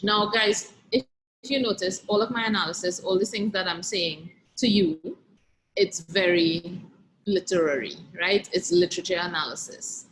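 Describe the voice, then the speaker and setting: A woman's voice: lowish voice, a bit bright, a little hiss or hum, rough recording. A woman teacher reviewing an exam paper and reading a play extract aloud, explaining as she goes and often checking in with "right?".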